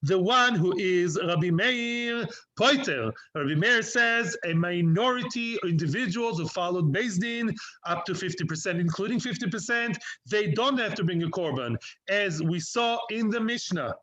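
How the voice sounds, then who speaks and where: High-voiced rabbi teaching talmud, lots of rhetorical questions, sound a bit dull. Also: male voice, lively intonation, normal speed, fairly bright tone. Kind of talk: Talmud lecture.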